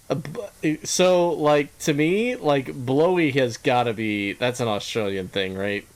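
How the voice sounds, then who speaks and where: A man streaming a game and chatting casually with his viewers, laughing often and thinking out loud. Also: lowish voice, smooth. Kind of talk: casual gaming stream chat.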